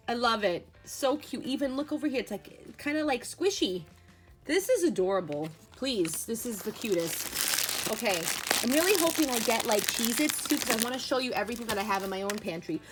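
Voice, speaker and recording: A woman's voice: fairly high pitch, background noise. A young woman hosting a toy unboxing, gushing and gasping with delight as she talks casually to her viewers. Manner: gushing, excitable, gasps and squeals of delight.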